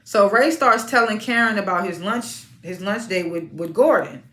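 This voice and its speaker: A woman giving a casual, outspoken recap of a reality TV episode, animated and prone to sudden high-pitched exclamations. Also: moderate pace, echoey room. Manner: informal and outspoken.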